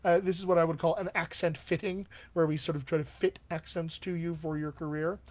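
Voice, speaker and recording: A man's voice: a little high, level tone, brisk. Chatty, encouraging male dialect coach. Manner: encouraging and conversational, many fillers. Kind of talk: live-stream Q&A, answering viewer questions. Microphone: webcam or desk mic on a live stream.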